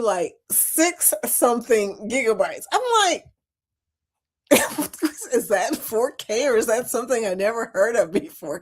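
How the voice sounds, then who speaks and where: A woman hosting a casual livestream, chatty and giggly, calling her viewers y'all as she reads their comments. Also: medium pitch. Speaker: livestream host. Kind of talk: casual live chat reading comments.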